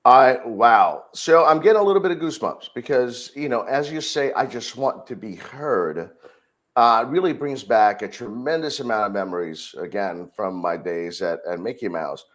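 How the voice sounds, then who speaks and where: A middle-aged man, a security director appearing as a podcast guest, tells a work story in casual conversation. His voice is mid-range and moderately paced, and he's an animated storyteller who acts out the dialogue.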